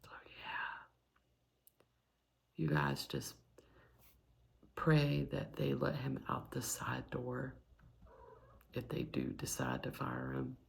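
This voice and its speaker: A young woman with a Southern US accent, a whispered ASMR chat host who drifts between soft whispers and a low spoken voice. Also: fairly even intonation, slow, creaky, pauses often.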